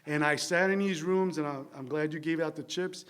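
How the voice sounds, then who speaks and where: A man's voice: fairly high pitch, fairly even intonation, a little fast, fairly bright tone, clean tone. A man from New Jersey candidly sharing his recovery story at a meeting, rambling with wry, self-deprecating humor. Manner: rambling with fillers and tag questions. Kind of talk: recovery meeting share, conversational monologue. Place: church meeting room.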